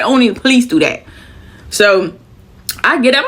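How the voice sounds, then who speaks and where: Out of breath and swearing freely, a woman vlogger works through a long personal story, repeating lines to stress them. Her high-pitched voice swings widely, moving briskly with a pushed, bright, slightly rough quality.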